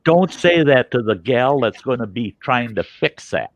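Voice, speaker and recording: A man casually telling a story in a profane, animated way and acting out the people in it. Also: mid-range voice, a little slow, no room sound, dull audio.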